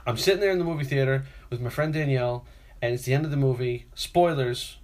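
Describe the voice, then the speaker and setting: A man's voice: mid-range voice, fast. A man, co-hosting a podcast and telling rambling stories in casual chat. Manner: rambling storyteller, acts out quotes loudly. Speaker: podcast co-host.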